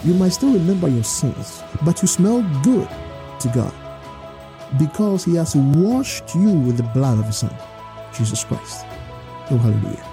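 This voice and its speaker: A man preaching a sermon, emphatic, reading scripture slowly and urging his listeners. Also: fairly high pitch, very animated, over music. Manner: emphatic, repeats scripture slowly and exhorts the congregation.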